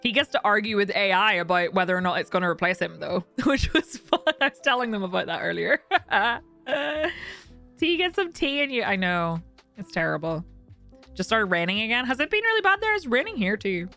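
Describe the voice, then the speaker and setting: Bright, lively streamer woman, laughing often. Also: mid-range voice, moderate pace, faint music behind. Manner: chatty, candid, laughs often. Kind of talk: casual chat with viewers.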